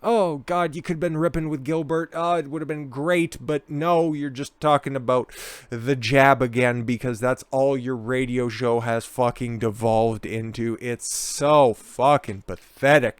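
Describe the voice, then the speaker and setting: A man's voice: mid-range voice, smooth, no room sound. A man giving sarcastic commentary on news stories, mocking and crude with frequent swearing and snide asides. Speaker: commentary vlogger.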